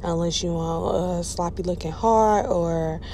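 A woman's voice: fairly low pitch, a little slow, slight background noise. A young woman, chatting casually to viewers while she styles a client's hair. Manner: chatty, animated, frequently addresses viewers. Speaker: hairstylist vlogger. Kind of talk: casual tutorial chat.

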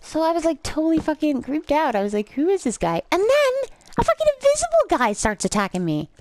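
Drunk woman narrating her gameplay, loose and profane, easily amused, very animated pitch. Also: brisk. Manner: rambling, swears a lot, easily amused. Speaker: gameplay commentator. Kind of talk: rambling let's-play commentary.

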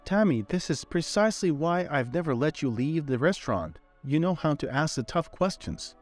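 A man voicing a gentle, regretful middle-aged father who speaks with pleading sincerity. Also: on the high side, animated, normal speed, faint music behind, pitched above the performer's own voice, natural voice.

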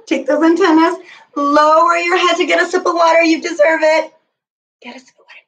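A woman's voice: extremely high pitch, brisk, fairly bright tone, reverberant, recorded from a distance, rough recording. A woman teaching a children's bedtime yoga class, patient and encouraging, counting out the poses.

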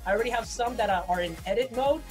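A woman's voice: a little high, rapid-fire, a little mellow, soft background music. A woman hosting a casual interview, asking questions in an upbeat, playful way. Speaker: host.

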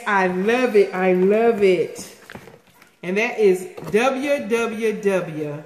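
A woman in a casual vlog, opening viewer mail. She gasps, repeats herself and gets excitable as she talks. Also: medium pitch. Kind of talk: casual unboxing chat. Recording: echoey room with faint noise.

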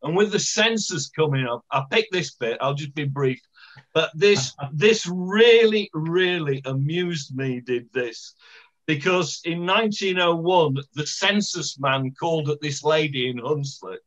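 Bright-voiced man commenting on a lecture. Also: on the high side, unhurried. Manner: animated, enthusiastic. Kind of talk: enthusiastic local-history commentary. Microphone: video call. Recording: dull lo-fi call audio.

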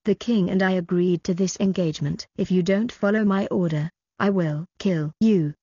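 A woman's voice: on the low side, steady tone, normal speed, dark tone, husky, dry recording, dull audio. A woman reading the part of a cold, cruel middle-aged duke who talks harshly and threateningly to his daughter.

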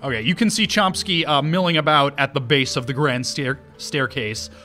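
A man's voice: medium pitch, normal speed, pushed and bright, soft background music. A man running a tabletop game as dungeon master, narrating in a loose way full of laughs and fillers.

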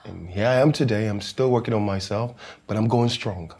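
Man playing a calm, encouraging actor. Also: lowish voice, fairly quick. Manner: calm, reassuring, casual American-style slang. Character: famous male actor visiting, encouraging mentor. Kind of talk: comedy series acting.

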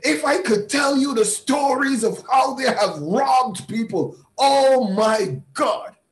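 A man's voice: very high-pitched, lively intonation, slow pace, reverberant, exaggerated voice. A man acting out a best friend who answers with disbelief and warnings. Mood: incredulous. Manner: incredulous, full of warnings. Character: doubtful best friend, a gloomy adult.

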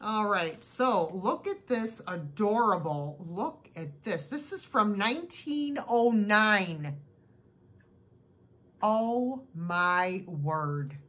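Gushing, slow-talking woman thrift vlogger. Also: medium pitch, expressive, fairly bright tone, rough recording. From United States. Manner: gushing and chatty. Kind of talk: casual haul video.

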